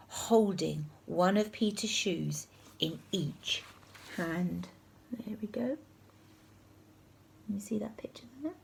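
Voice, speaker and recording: A woman reading a picture book aloud to children, expressive and sometimes dropping to a hush. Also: medium pitch, slow, vocal fry, pauses often, a little hiss or hum. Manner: expressive, hushed in places.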